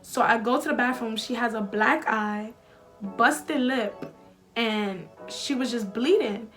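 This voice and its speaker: A woman's voice: on the high side, slow, fairly bright tone, faint music behind. A young woman, telling a storytime vlog in casual, slangy talk full of likes and swearing. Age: young adult. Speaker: vlogger.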